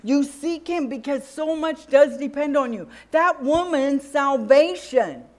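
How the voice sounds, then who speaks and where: A middle-aged woman delivers a sermon, her voice sitting a little high. She tells personal stories and acts out the lines of the people in them. Her preaching moves easily between teaching and testimony. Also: expressive, unhurried. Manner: storytelling, acts out dialogue with God and others.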